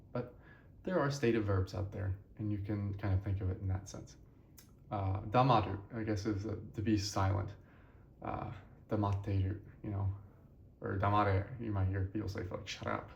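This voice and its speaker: Young man, tired, low gravelly voice, rambling, self-correcting, casual lesson, dull roomy recording. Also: a little mellow, a little hiss or hum. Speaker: language lesson host.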